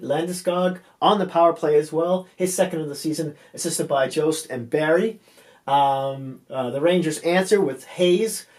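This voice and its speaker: A man casually recapping hockey game results, halting with frequent ums and restarts, with a voice going tired and hoarse. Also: a little high, a little mellow. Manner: halting, many ums and restarts, offhand asides.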